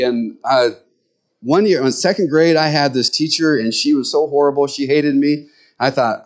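A male pastor delivers a sermon full of humorous anecdotes, telling stories and performing the voices of the people he quotes. His voice is slightly high and expressive, moving at a moderate pace.

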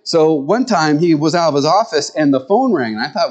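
A man's voice: a little high, lively intonation, fairly quick. A male pastor preaching with humorous stories, acting out the voices he quotes. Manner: storytelling, acts out quoted voices. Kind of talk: sermon with humorous anecdotes.

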